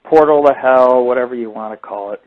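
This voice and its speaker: A man's voice: medium pitch, a little fast. A man hosting a radio show, rambling and swearing constantly in a casual monologue. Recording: tinny phone-like sound.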